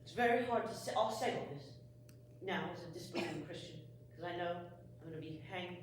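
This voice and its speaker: A woman's voice: lowish voice, a little fast, a little hiss or hum, natural voice. A woman playing a mild, rambling rector who confesses politely, in an amateur stage comedy. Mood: confessing. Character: meek rambling rector Roger, a man. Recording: echoey hall, from far off.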